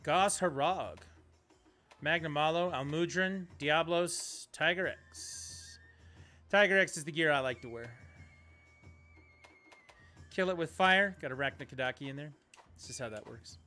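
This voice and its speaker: A man's voice: a little high, unhurried, long pauses, sharp tone, faint music behind. A man streaming a video game, chatting casually and ranting bluntly, with some profanity. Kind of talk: casual livestream chat while gaming.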